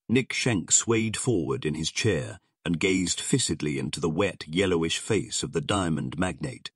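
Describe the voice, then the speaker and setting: A man's voice: low-pitched, expressive, normal speed, hardly any pauses, breathy edge, no echo, studio quality. A man narrating a pulp crime story with dramatic storytelling.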